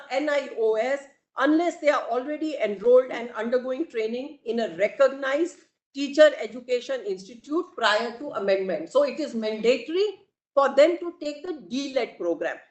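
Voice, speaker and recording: A woman advocate with an Indian accent, making a formal, deliberate courtroom argument and addressing the bench again and again. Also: high-pitched, expressive, a little mellow. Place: courtroom hearing. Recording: echoey courtroom audio.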